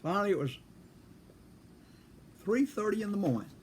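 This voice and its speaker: A man in his seventies casually telling a story from his service days, unhurried and chuckling now and then. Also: sits high, animated, a little hiss or hum. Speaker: storyteller recalling military service.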